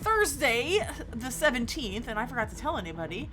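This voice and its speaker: Bubbly, lively young woman streamer. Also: a little high, a little fast, soft background music. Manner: bubbly, chatty, self-mocking. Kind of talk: casual live-stream chat.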